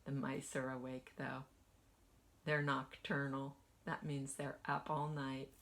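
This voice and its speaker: A woman kindergarten teacher gently reading a picture book aloud to children and asking them questions as she goes. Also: very deep voice, a little hiss or hum. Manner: slow, lively sing-song storytelling.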